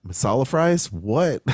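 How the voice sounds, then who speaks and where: A man's voice: mid-range voice, darkish tone, no echo, clean studio sound. A man co-hosting a podcast in casual chat, playful and jokey, laughing often. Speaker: podcast co-host.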